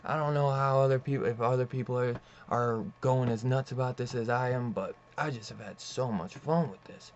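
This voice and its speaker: A young man casually reviewing a comic book, rambling and excitable, swearing and saying "dude" often. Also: medium pitch, normal speed, few pauses. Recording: slightly dull lo-fi audio with faint hiss.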